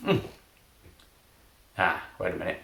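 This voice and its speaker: A middle-aged man from England, a comedy magician, rambling through a deadpan, self-deprecating monologue. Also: low voice, a little slow, gravelly, echoey room.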